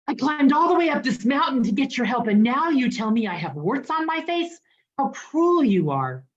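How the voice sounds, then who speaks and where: A woman voicing an ashamed, furious young king in a spoken story, shrieking high and indignant. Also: big pitch swings, normal speed, muffled recording.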